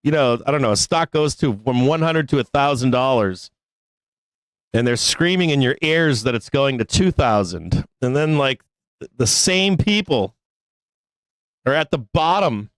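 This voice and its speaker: A man's voice: mid-range voice, animated, a little slow, dry recording, poor audio. A man hosting a live stock market show, ranting in exasperation with frequent laughter and cursing. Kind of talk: live-stream rant.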